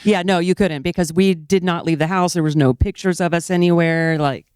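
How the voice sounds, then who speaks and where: A middle-aged woman, an interview guest joining in casually with lively asides. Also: lowish voice, brisk, clear, resonant tone, no room sound, clean studio sound. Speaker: interview guest, state representative-elect. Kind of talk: casual chat.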